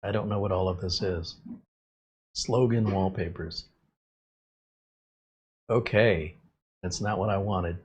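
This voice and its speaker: A man's voice: low voice, steady tone, takes it slowly, long pauses, husky, dull audio. A man hosting a tech video, casually reading chatbot replies aloud. His asides are amused and full of chuckles, delivered in an easygoing, conversational way.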